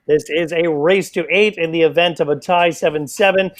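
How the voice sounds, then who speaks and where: A man calling a darts match live as play-by-play commentator, excitable and playful, with self-mocking asides. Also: on the high side, normal speed.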